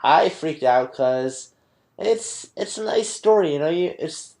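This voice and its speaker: A tipsy man hosting a casual podcast, talking haltingly with many pauses and fillers. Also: fairly high pitch, expressive, darkish tone. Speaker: podcast host.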